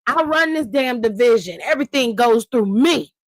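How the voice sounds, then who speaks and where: A lady putting on a cocky lady wrestler, brash trash talk, bit high, dry close sound. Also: animated, normal speed, dry recording. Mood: boastful. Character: cocky, boastful female wrestler taunting a rival.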